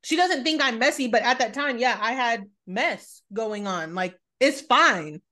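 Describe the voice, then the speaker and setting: A woman co-hosting a relaxed podcast chat with a slightly high voice. She tells stories in an animated way, slipping into quoted lines along the way. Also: measured pace. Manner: animated storytelling with acted-out quotes. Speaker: podcast co-host. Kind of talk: casual chat.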